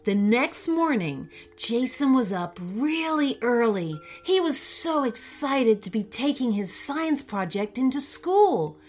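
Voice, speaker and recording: A woman narrating a children's story in an expressive storytelling manner. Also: a little high, slow, hardly any pauses, soft background music.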